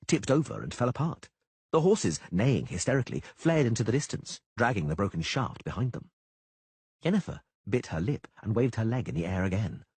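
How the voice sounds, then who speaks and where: A man's voice: fairly low pitch, darkish tone, breathy edge, no echo. A man narrating a fantasy audiobook with a dramatic delivery on a close studio mic.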